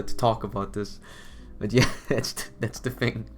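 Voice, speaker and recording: Man streamer, worn tired voice, chatty, quick to laugh, stammers on restarts. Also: on the low side, steady tone, faint music behind. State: tired, worn voice after hours of talking. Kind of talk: casual live-stream chat between game lines.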